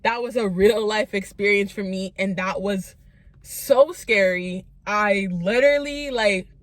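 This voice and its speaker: A woman telling a story to her channel's viewers in a casual storytime vlog. She is animated, says "like" a lot and acts out what people said. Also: medium pitch, unhurried, no room sound. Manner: animated, lots of "like", acts out quotes.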